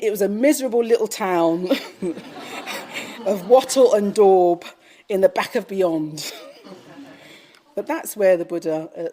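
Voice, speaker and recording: A woman giving a Buddhist dharma talk, gently telling a story with frequent fillers. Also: fairly low pitch. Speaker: Buddhist teacher. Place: retreat talk at a Buddhist centre.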